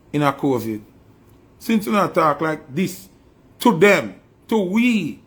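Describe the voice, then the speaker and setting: Gravelly Jamaican man preaching hard. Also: sits high. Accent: Jamaican Patois. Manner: preachy, fervent, repetitive questions. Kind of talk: impassioned spoken monologue.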